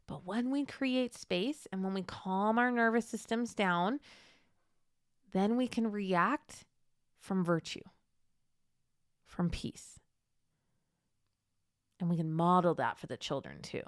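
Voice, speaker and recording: Woman, podcast host, encouraging, reassuring, mid-pitched, dry recording. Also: expressive, unhurried, long pauses, a bit bright, smooth, no echo. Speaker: podcast host and Catholic mom coach. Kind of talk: warm teaching monologue.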